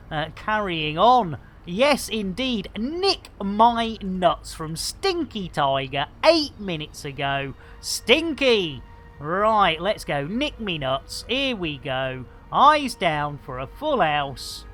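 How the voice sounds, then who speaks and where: A man's voice: high-pitched, fairly bright tone. A British man giving casual live-stream commentary over a game, full of puns and rambling jokes. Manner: jokey, punning, rambling banter.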